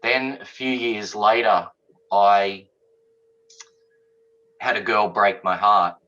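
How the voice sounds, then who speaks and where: Speaking slowly in a lowish voice, this middle-aged man is a guest author being interviewed. He relates a personal story in a relaxed, animated way, performing the quoted exchanges, though the recording sounds dull and lo-fi.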